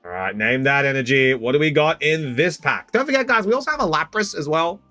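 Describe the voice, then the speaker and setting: A man's voice: fairly high pitch, brisk, no room sound, soft background music. A man streaming as he opens card packs, chatting casually and joking with viewers by name. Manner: lively, joking, talks to chat by name. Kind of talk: casual live-stream chat.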